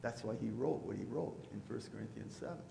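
A man preaching a sermon as pastor, now and then mimicking loud objectors. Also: lowish voice, brisk, vocal fry, noisy background. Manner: preachy, rising to loud mocking voices for imagined objectors. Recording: echoey hall with long reverb.

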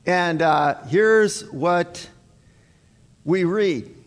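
A man's voice: high voice, drawn-out words. A male pastor preaching a sermon to his congregation in an earnest, emphatic way, repeating his key points. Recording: long hall reverb.

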